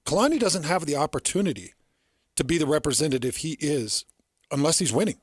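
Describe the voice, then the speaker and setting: A man's voice: fairly high pitch, expressive, fairly quick, slightly rough, no room sound, clean studio sound. A middle-aged man hosting sports radio, telling stories in an earnest, emphatic way.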